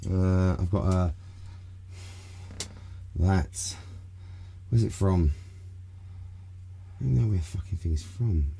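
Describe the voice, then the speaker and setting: A man's voice: low-pitched, slow, vocal fry, long pauses, warm tone, slight background noise. A man hosting a casual live stream, rambling loosely from topic to topic and swearing freely. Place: home room.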